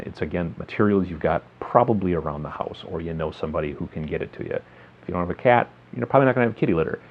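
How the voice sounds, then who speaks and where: Man, very low voice, casual hobby tutorial, friendly rambling, muffled recording. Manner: rambling, friendly, filler-heavy explaining. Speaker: miniature hobby video host. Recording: slightly dull lo-fi sound.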